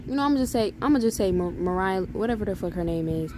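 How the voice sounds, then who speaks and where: A young woman gamer gives loud, profane commentary as she plays. She fires back at the game's text messages with sass. A little game noise sits faintly behind her voice. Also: mid-range voice, fairly quick, rough recording. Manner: loud, profane, reacting and reading texts aloud with sass. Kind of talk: casual gameplay commentary.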